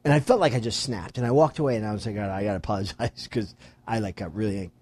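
A man in casual conversation, telling a lively anecdote and acting out the voices of the people in it. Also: fairly low pitch, racing, breathy edge, no echo. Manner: animated storyteller who acts out quoted voices. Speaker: friend telling a story. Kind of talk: casual chat.

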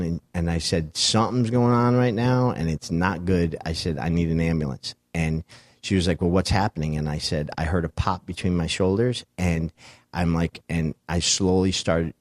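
A man's voice: low voice, steady tone, moderate pace, dry recording, studio quality. A middle-aged man telling a wild story in casual chat, swearing and acting out the voices of the people in it. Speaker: guest.

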